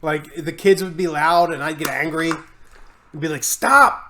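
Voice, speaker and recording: A man co-hosting a casual podcast, telling animated stories and acting out his own yelling. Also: fairly high pitch, moderate pace, slight background noise. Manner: animated storyteller who acts out yelling. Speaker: podcast co-host.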